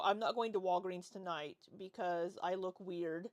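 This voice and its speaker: A woman in her forties hosts a livestream, chatting casually and rambling as she reads and responds to chat. Her voice is lowish, her pace moderate, and there's no room sound.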